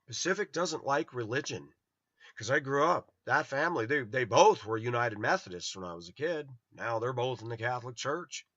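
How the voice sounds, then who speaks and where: A man's voice: medium pitch, animated, normal speed, a bit bright, no echo. A middle-aged man from Los Angeles telling personal stories in a blunt, rambling way. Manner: rambling, blunt, acts out quoted voices. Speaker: vlogger. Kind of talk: personal storytelling monologue. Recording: dull lo-fi dry sound.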